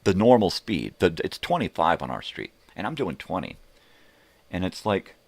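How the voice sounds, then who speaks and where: An older man's low, very animated voice with vocal fry and a slightly mellow quality moves at a normal pace. He hosts a morning live show, spinning heated, profanity-laced stories in a casual, ranting monologue.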